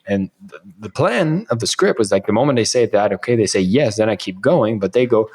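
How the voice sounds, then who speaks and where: A man's voice: fairly low pitch, lively intonation, brisk, hardly any pauses, a little mellow. A man in his thirties, a podcast guest, telling a casual story and acting out his own past lines.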